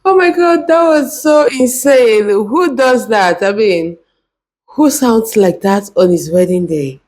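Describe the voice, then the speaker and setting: A woman's voice: on the high side, slow, a little mellow. A woman hosting a reaction video, exclaiming in amazement as she comments.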